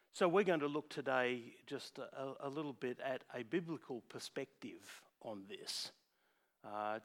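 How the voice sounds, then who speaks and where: Man preaching in a relaxed way. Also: medium pitch, gravelly. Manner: conversational, with fillers and restarts. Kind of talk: sermon.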